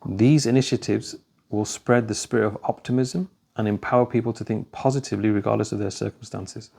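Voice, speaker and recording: Husky gravelly man giving a religious talk. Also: on the low side, fairly even intonation, fairly quick, dark tone. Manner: anecdotal, conversational, acts out dialogue. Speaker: speaker at a talk.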